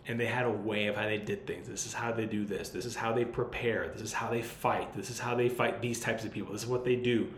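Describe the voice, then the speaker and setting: A man hosting a podcast, giving casual advice in a blunt, loose way and swearing freely. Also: medium pitch. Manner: blunt and profane, loose and conversational. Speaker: podcast host. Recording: roomy sound with faint background noise.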